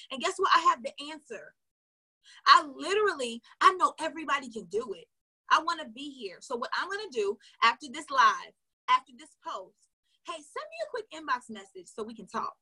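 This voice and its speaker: A woman sales coach giving an energetic, casual live training from her home. She talks straight to her viewers and says y'all. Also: high-pitched, normal speed, poor audio. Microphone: livestream on a video call platform.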